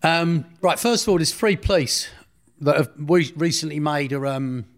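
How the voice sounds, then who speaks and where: A middle-aged man with a slightly high voice tells a casual story as an interviewee, speaking at normal speed. He's blunt and rambling, and keeps correcting himself.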